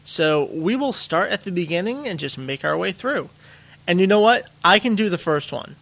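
A man co-hosting a podcast in casual chat, relaxed and quick to laugh as he steers the topic. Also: sits high, creaky. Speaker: podcast co-host.

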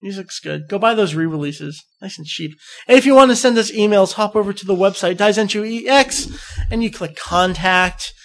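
A young man with a notably high voice hosts a casual fan podcast. He rambles and jokes with excitable energy, hyping a contest to his listeners. He is from New Jersey. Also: normal speed. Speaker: podcast host.

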